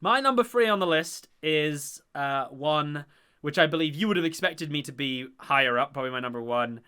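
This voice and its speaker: A man's voice: fairly high pitch, lively intonation, moderate pace, bright, forceful tone, clear, resonant tone. A young man hosting a casual chat about a TV show, enthusiastic and rambling with many fillers. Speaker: podcast host.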